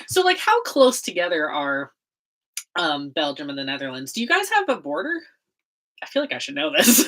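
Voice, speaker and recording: Young american woman rambling on her home stream, lots of giggles and um's, swoops up and down a ton, lowish voice. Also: a bit bright. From United States. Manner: bubbly and giggly, many fillers and laughs. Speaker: livestream host. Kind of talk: casual livestream chat.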